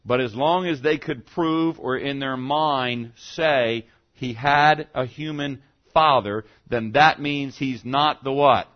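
This pastor takes his sermon slowly, asking the congregation rhetorical questions and going low in pitch for quotations. The recording is lo-fi.

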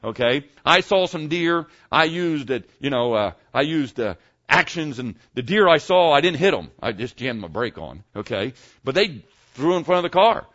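Folksy pastor preaching, lively pitch. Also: male voice, normal speed, muffled recording. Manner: folksy, conversational preaching with frequent "okay?" check-ins. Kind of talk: sermon.

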